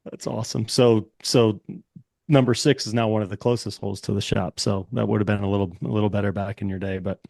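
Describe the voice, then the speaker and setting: A man's voice: fairly low pitch, fairly even intonation, fast talker, vocal fry, a little mellow, no echo. A man co-hosting a podcast, reacting to a guest with enthusiastic praise and follow-up questions. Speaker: podcast co-host. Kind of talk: casual interview chat.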